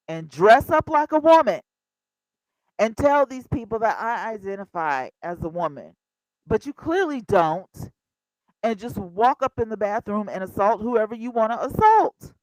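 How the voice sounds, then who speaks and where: A woman in her fifties hosting a casual livestream, chatty and animated, talking straight to her viewers. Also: medium pitch, normal speed, no echo, rough recording. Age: 50s. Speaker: livestream host.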